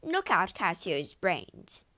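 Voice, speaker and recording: A woman's voice: medium pitch, wildly swooping pitch, measured pace. A woman voicing a cold, scheming male villain who talks slyly. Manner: cold, sly.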